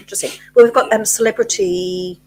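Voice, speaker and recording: A woman's voice: a little high, animated, moderate pace, vocal fry, fairly bright tone. An Australian woman co-hosting a casual livestream chat, musing aloud and correcting herself as she talks. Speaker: co-host of a cruise chat livestream.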